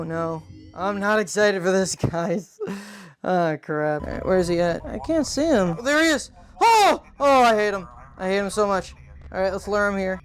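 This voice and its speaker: A woman hosting a gaming channel, reacting live to a horror game in casual slang, with frequent frightened exclamations and outbursts. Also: mid-range voice. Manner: talks to chat, casual slang.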